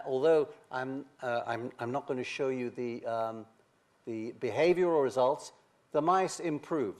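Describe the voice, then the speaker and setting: An older man giving a science lecture, halting, with many pauses and restarts. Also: medium pitch. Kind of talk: academic lecture.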